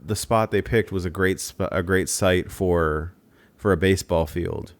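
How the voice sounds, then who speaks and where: Very deep-voiced rambling man. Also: measured pace. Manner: rambling, hesitant, lots of fillers. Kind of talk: casual podcast chat.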